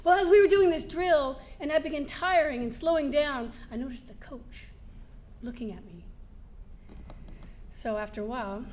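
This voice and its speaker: A woman giving a keynote speech to a live audience, telling lively personal stories, laughing now and then and acting out the scenes. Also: high-pitched, normal speed, pauses often. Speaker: motivational speaker. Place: event hall before a live audience.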